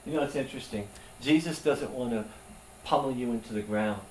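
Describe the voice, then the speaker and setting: A man's voice: medium pitch, a little fast, a little mellow. A male pastor preaching a sermon in an earnest, conversational way. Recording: echoey room, voice from far off, faint hum.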